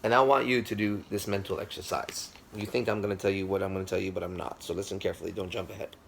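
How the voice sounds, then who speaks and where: Gravelly low-voiced male storyteller. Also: fast, slight background noise. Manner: animated storyteller, addresses listeners directly. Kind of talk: storytelling lecture.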